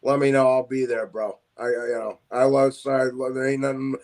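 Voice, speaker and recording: A man's voice: medium pitch, little pitch movement, moderate pace, darkish tone. A man calling into a live-stream chat, apologetic and stammering. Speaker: caller. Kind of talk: casual call-in chat.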